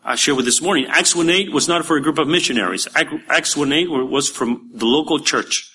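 A man, a pastor preaching a sermon in a church, emphatic at times and dropping to quiet asides. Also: a little high, brisk, slightly rough.

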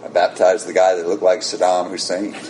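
An American man preaching, telling a story with animated rises and soft, low drops. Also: brisk. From United States. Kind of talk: sermon storytelling. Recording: echoey room with faint rumble.

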